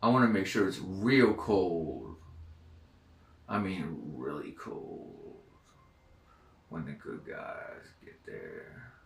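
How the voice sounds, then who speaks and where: A man's voice: sits low, big pitch swings, slow, creaky, pauses often, a little hiss or hum, heavily acted. A man voicing a cold, menacing male demon who gives orders meticulously. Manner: commanding, meticulous. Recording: echoey room, far from the mic.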